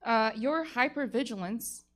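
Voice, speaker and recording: High-pitched woman doing a slow jokey closing argument, fake-soothing then yelling, cracks up a lot. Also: animated. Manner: over-the-top soothing then shouty, laughing through lines. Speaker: comedy panelist. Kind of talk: mock courtroom closing argument, comedic.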